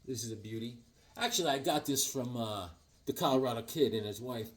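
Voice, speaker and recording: A man in a casual vlog, excitedly showing off his comic collection with rambling, self-deprecating asides. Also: mid-range voice, brisk, breathy edge. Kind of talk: casual show-and-tell vlog.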